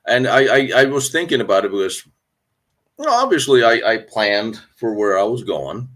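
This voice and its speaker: A man's voice: medium pitch, big pitch swings, normal speed, fairly bright tone. A man hosting a casual live stream, rambling and laughing as he talks, with many restarts. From United States. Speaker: host. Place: hotel room in a city.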